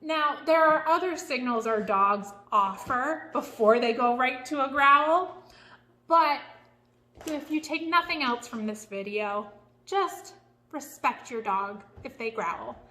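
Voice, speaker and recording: Bright high-voiced woman dog trainer. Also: slow. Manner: frank, chatty, emphatic. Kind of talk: instructional video.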